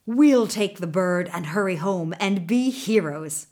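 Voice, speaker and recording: A woman's voice: on the low side, lively intonation, a little slow, a little mellow. A woman voicing the wazir's arrogant young sons in a storybook tale, mocking and haughty. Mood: scheming.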